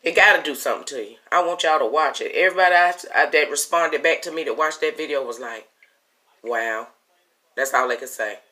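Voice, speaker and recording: Bright-voiced woman vlogger, emphatic. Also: low-pitched, quick pace, few pauses. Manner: emphatic, repeats herself, calls viewers "honey" and "y'all"; laughs often while talking. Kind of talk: casual religious talk to viewers.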